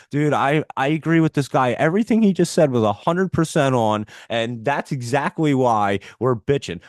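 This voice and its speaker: A man's voice: mid-range voice, no room sound, studio quality. A middle-aged man hosting a live market show, telling a long story in a rambling, casual way, with laughs and swearing. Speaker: stock market show host.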